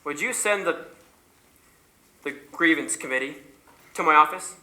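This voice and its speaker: A woman's voice: low voice, unhurried, sharp tone. A woman playing a wisecracking, confident male factory superintendent in a stage musical, wry and flirtatious, recorded in an echoey hall. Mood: brisk. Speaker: stage actor. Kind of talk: amateur stage musical acting.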